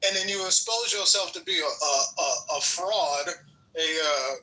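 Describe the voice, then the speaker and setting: A man's voice: on the high side, measured pace, sharp tone, low-quality recording. A man on a casual panel chat, blunt and offhand.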